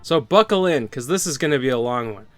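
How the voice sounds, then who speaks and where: Smooth-voiced sarcastic male game commentator. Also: medium pitch, lively intonation, brisk, a bit bright, no room sound, faint music behind. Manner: sarcastic, swearing rants. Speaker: gaming video host. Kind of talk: scripted comedic game commentary.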